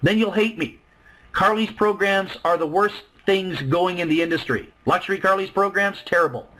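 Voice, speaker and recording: A man with a high, bright voice pitches a business plan over a webinar microphone. He talks with loud, excited emphasis and keeps swinging into little acted-out dialogues. His energy stays high and insistent throughout. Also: normal speed, low-quality recording. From Canada. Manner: excited, emphatic, acts out both sides of dialogues. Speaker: network marketing presenter on a webinar. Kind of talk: animated sales pitch to a webinar.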